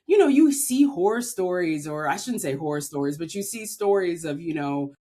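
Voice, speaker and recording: A woman's voice: on the low side, expressive, moderate pace, warm tone. A woman from Maryland, a podcast guest, telling a personal story in an earnest, heartfelt way with frequent filler words. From Maryland, USA.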